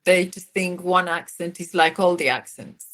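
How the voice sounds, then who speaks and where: A woman poet from Mexico answering interview questions in a thoughtful, soft-spoken way with hesitant fillers. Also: lowish voice, normal speed. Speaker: author and poet. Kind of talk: casual interview conversation.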